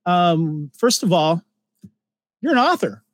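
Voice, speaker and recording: A man's voice: sits high, sing-song, takes it slowly, no room sound, studio quality. A man hosting a podcast, chatting playfully and teasing his guest in a joking way. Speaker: podcast host. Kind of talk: casual podcast chat.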